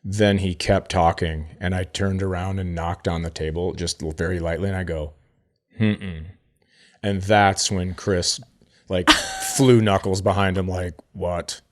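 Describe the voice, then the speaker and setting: A man's voice: deep voice, level tone, moderate pace. A man co-hosting a podcast, telling a story in a casual, joking way and acting out the people he quotes. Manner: laid-back, joking, acts out quotes in voices. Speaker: podcast co-host.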